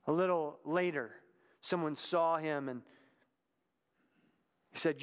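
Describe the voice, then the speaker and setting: A man preaching a sermon in a conversational, reflective way, sometimes dropping to a hushed tone. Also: on the high side, lively intonation, slow, pauses often, clear, resonant tone, big-room sound.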